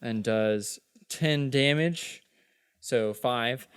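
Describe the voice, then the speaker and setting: A man narrating as game master in a tabletop game, with loose, halting narration full of fillers. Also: medium pitch, a bit bright, clean tone.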